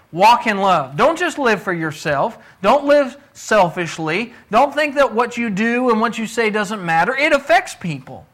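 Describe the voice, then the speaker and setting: Guy giving a sermon, high bright voice, keeps asking questions and hammering the point home. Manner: conversational teaching with rhetorical questions; repeats words when restarting, emphatic. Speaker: preacher.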